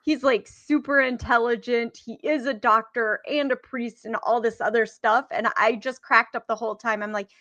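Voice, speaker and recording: A woman's voice: on the high side, fairly even intonation, moderate pace, few pauses, pushed and bright, no echo. A woman co-hosting a casual movie review chat, joking bluntly. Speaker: podcast co-host.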